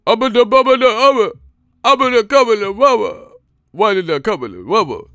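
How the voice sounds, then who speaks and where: A man's voice: high voice, animated, brisk, sharp tone, dry recording, clean studio sound, pitched above the performer's own voice, heavily acted. A man mimicking a mumbling male rapper who slurs nonsense rhymes in a sing-song way. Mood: slurring.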